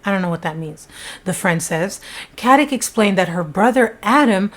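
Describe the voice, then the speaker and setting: A woman's voice: mid-range voice, lively intonation, moderate pace. A woman casually telling a true-crime story to camera in a chatty, conversational way, with frequent asides.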